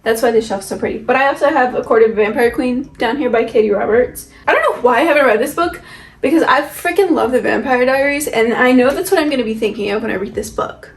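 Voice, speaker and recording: A woman's voice: a little high, quick pace. Chatty young woman, echoey room. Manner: chatty, rambling, self-questioning. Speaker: book vlogger. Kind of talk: casual chat showing her bookshelf. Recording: echoey room with soft music. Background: soft background music.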